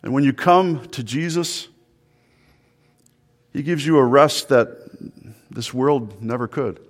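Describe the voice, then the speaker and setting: A man's voice: medium pitch, slow. A male pastor preaching an earnest sermon, often repeating words and asking the listeners questions. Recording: long hall reverb.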